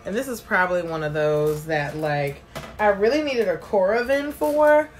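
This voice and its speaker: A woman's voice: mid-range voice, lively intonation, normal speed, a little hiss or hum. A woman hosting a casual live stream, chatty and bubbly, greeting viewers by name and reading their comments aloud. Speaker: livestream host.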